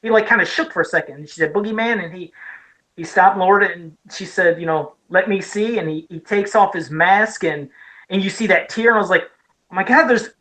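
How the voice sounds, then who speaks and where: A woman's voice: fairly low pitch, a little fast, a bit bright, rough recording. A woman from Ohio co-hosting a casual podcast, eagerly retelling scenes with many restarts and asides. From Ohio, USA. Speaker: podcast co-host. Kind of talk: casual podcast chat about horror films.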